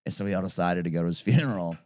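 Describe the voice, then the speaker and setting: A man's voice: low voice, racing, a little mellow. A man, a comedian guest telling a rambling story on a casual podcast, full of restarts and fillers. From Boston area.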